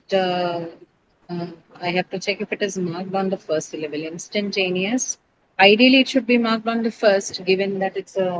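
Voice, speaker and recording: A woman teaching pronunciation in a classroom. She explains step by step, quizzes her students, stops to correct herself and often pauses on fillers. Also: medium pitch, background noise.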